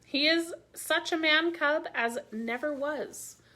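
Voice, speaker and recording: A woman voicing a fond old male bear, a gentle teacher, speaking earnestly in a storybook reading. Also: sits high, slow pace, voice pushed up, full character voice.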